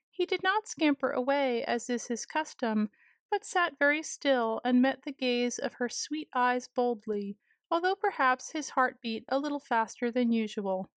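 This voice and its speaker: A woman reading a children's story aloud. Her high voice stays gentle and measured. The recording is dry, with no room sound. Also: dry recording.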